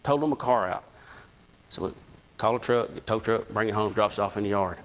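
A man's voice: on the low side, level tone, fast talker, fairly bright tone, slight background noise. A middle-aged man preaching a sermon, telling folksy stories with lots of repetition. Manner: storytelling, repeats himself, folksy.

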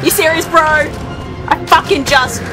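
A woman's voice: extremely high pitch, normal speed. A young woman giving casual let's play commentary, laughing constantly, swearing and teasing her companion. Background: game music.

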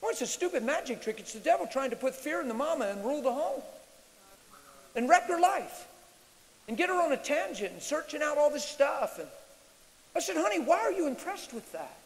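A man preaching live in a large church, animated, sometimes shouting and mimicking screams. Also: very high-pitched, brisk, creaky, long pauses. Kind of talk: sermon Q&A. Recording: reverberant hall with faint hiss.

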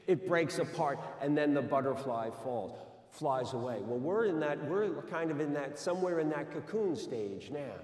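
Conversational preacher in an echoey church. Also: male voice, fairly high pitch, animated, normal speed, darkish tone. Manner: conversational, with frequent restarts and asides. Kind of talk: sermon. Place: church sanctuary. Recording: echoey hall, mic from far off.

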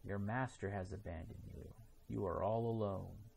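A man's voice: fairly low pitch, normal speed, gravelly, a little mellow, slight background noise. A man reading the part of a scheming, lonely old ghost master in a taunting tone.

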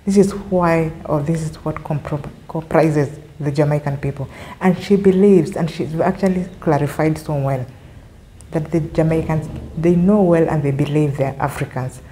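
This is a woman hosting a reaction video, her voice sitting low and mellow. She walks through what she has just watched and explains it, often saying the same point twice to make it clear. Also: moderate pace, slight background noise, low-quality recording. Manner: explanatory, repeats points to clarify. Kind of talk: commentary on a video clip.

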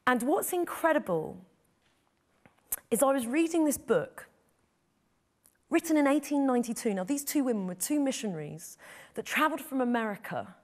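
A woman's voice: sits high, lively intonation, normal speed, pauses often, a little mellow. A middle-aged woman, a photojournalist, telling a personal story in an interview, earnest and heartfelt. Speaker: photojournalist guest.

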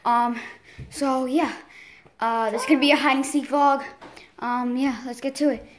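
Young vlogger, chatty and rambling, higher voice, faint hiss behind. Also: female voice, fairly even intonation. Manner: rambling with many ums, talks fast. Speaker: vlog host. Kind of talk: casual chat.

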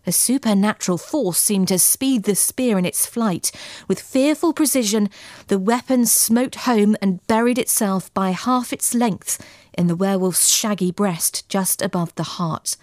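A woman reading a gothic tale as scripted narration, in a measured, dramatic, old-fashioned storytelling manner. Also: mid-range voice, darkish tone, no room sound, clean studio sound. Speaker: audiobook narrator.

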